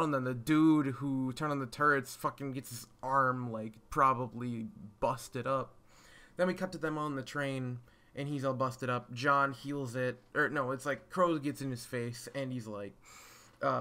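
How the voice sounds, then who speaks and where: A man's voice: medium pitch, unhurried, sharp tone. A man giving a casual, scatterbrained spoken review of a show, full of fillers, restarts and casual swearing. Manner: scatterbrained, rambling with frequent fillers. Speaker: video reviewer.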